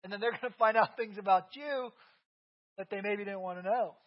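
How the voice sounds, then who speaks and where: High-voiced man preaching conversationally. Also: a little fast. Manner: conversational, keeps asking "right?". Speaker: pastor. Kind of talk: sermon. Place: church sanctuary. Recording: dull lo-fi sermon recording.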